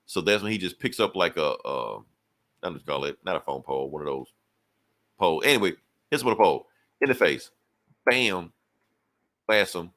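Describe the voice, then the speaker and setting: A man's voice: low voice, expressive, moderate pace, long pauses, fairly bright tone. A man hosting a podcast, casually recapping a comic book in a rambling, slangy way. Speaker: podcast host.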